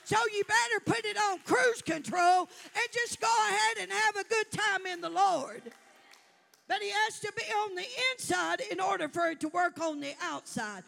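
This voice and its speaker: A woman preacher delivering a fervent sermon to a congregation, building up to shouts. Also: extremely high pitch, normal speed, gravelly.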